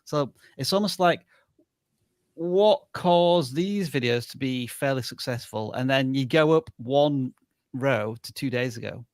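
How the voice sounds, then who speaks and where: A man's voice: mid-range voice, a little slow, no room sound. Thoughtful hedging male co-host. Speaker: co-host reviewing channels. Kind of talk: live channel review chat.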